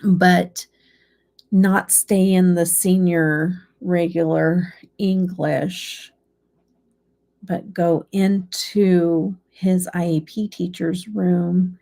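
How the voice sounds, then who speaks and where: Middle-aged mom vlogging, chatty and rambly, gravelly kinda low voice. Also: female voice, steady tone, extremely slow, mellow. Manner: chatty, rambling, emotional storytelling. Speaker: beauty channel host. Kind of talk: casual chat.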